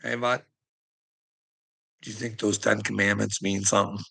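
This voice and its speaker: A man's voice: on the low side, level tone, moderate pace, gravelly, pushed and bright, breathy edge, low-quality recording. A man ranting in a rambling monologue to his viewers, chuckling often, swearing freely and needling people by name. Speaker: streamer talking to chat.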